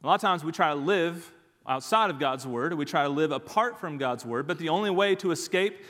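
A man's voice: on the high side, expressive, a little fast, fairly bright tone, in a large hall. A man preaching a sermon as pastor, emphatic and repeating his key phrases.

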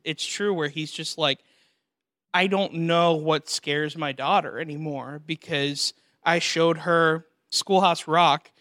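A young man hosting a podcast, telling animated stories in a casual chat and acting out the voices in them. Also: fairly high pitch, slow, no room sound, studio quality. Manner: animated storyteller, acts out voices and laughs often. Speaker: podcast host.

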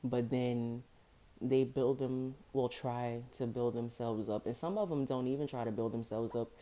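Deep, dark-voiced woman podcast host. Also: steady tone, moderate pace. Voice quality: morning voice, a little rough. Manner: chatty, informal, repeats phrases for emphasis. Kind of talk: casual solo podcast monologue.

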